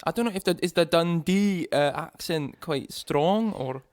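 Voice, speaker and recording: A young man from England co-hosts a casual podcast in a playful, joking way, laughing often and restarting his sentences. His voice sits a little high, and the recording is dry and close. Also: animated, moderate pace, no echo. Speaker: podcast co-host.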